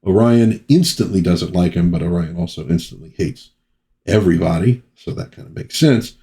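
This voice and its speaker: A man's voice: deep voice, moderate pace, mellow. A man casually recapping an old comic book issue, chatting about the plot with his own asides.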